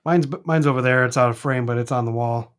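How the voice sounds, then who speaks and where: A man with a Minnesota accent chatting casually as co-host of a live stream, rambling and animated. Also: medium pitch, fast, clear, resonant tone. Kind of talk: casual chat. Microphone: streaming mic.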